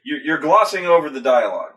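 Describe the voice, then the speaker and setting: An excitable man recapping a movie in casual chat, his bright voice swinging widely in pitch. He stumbles over restarts, swears freely and acts scenes out. He sits some distance from the mic. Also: fast. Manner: excitable, acts out scenes with loud grunts and shouts; profane, stammering restarts.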